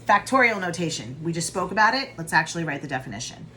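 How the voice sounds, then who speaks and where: A woman with a fairly low voice talks through a college statistics lesson recorded at home. Her delivery is chatty and informal, and she speaks straight to her viewers. Music plays clearly in the background. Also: very animated, quick pace, pushed and bright. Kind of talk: casual recorded math lesson.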